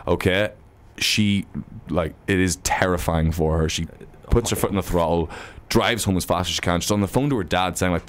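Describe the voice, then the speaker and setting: Man, very low voice, hushed casual anecdote, radio guest. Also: moderate pace, hardly any pauses. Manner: hushed storytelling with fillers.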